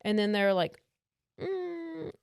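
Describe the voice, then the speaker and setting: A woman co-hosting a podcast chats her way through a true crime story, voicing quotes and using plenty of "like"s. Her voice is lowish, clear, and resonant at a moderate pace, captured in studio quality with no room sound.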